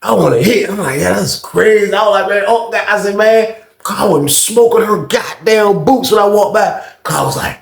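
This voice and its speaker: A young man telling a casual storytime, animated and slang-heavy, swearing freely. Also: sits high, normal speed, creaky, roomy sound.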